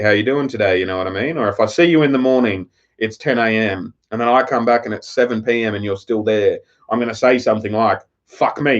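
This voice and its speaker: A man with an Australian accent chatting on a live stream, telling a rambling, profane story. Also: on the low side. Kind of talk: casual live-stream chat. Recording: slightly dull lo-fi audio.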